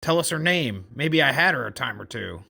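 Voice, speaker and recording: A man's voice: medium pitch, lively intonation, normal speed, vocal fry, pushed and bright, breathy edge, exaggerated voice. A man voicing a nasty teenage bully recruit with an unpleasant, sneering voice in a podcast table read. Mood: taunting. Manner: sneering, taunting.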